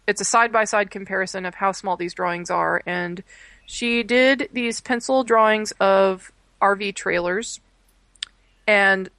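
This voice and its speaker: A woman's voice: medium pitch, a bit bright, dry recording. A young woman, chatting casually and rambling through many fillers and restarts. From Texas. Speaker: podcast guest, art education student. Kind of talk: casual chat.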